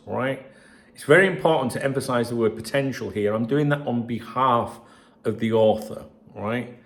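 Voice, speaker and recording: A man's voice: mid-range voice, a little slow. A man hosting a football channel, reading out messages and chatting to viewers in a sweary, rambling way. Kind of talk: casual solo commentary reading messages.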